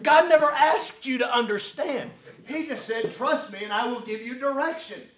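A middle-aged man preaching a sermon, folksy and animated, swinging between loud and quiet. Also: very high-pitched, normal speed, slight background noise. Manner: folksy, animated preaching with rising and falling volume.

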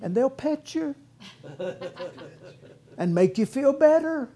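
A man's voice: extremely high pitch, lively intonation, slow pace, warm tone. A man preaching a sermon in a folksy way, repeating words and acting out whiny voices, with a congregation answering. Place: church with congregation responding.

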